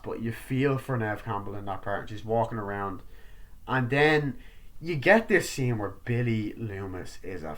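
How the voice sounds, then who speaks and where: A man giving a casual film review, rambling and swearing as he retells scenes with quick acted-out quotes. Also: on the low side, a bit bright. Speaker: movie reviewer.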